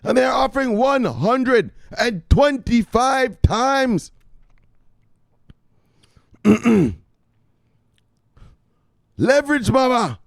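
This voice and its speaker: A man's voice: very high-pitched, expressive, very slow, vocal fry, long pauses, no echo, studio quality, voice pushed up, exaggerated voice. A man voicing a grandiose grown son who lectures his mother in a pompous, declaiming way.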